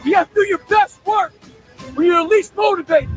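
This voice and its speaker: A man shouting a forceful, profane motivational speech. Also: extremely high pitch, normal speed, soft background music, poor audio.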